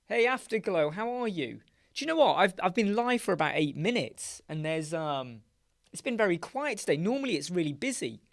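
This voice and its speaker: A man hosting a casual live stream, chatting and muttering asides as he works on a website in a dark home studio with soundproof panels. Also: sits high, very animated, brisk, dry recording. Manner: chatty, muttering asides while working on screen. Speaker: live stream host, web designer. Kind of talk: casual live-stream chat while working.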